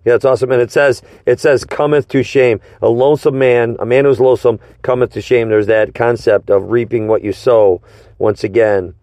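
A man leads a casual Bible study, drawing out each point slowly and checking in with his partner through questions. His mid-range voice sits dry and close, with no room sound around it. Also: medium pitch, steady tone, dark tone, dry recording. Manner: slow, emphatic teaching with rhetorical questions. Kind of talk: informal Bible study discussion.

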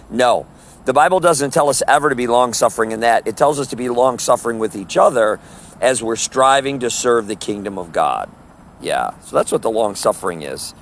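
A man's voice: medium pitch, expressive, a little fast, fairly bright tone. A man teaching a Bible study in sermon style, emphatic and full of rhetorical questions, stretching out Greek words. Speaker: preacher.

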